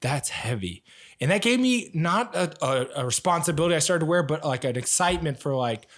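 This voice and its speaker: Animated storytelling young man. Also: on the high side, a little fast. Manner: animated, self-mocking storyteller. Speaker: podcast co-host, ninja athlete. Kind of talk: casual storytelling chat.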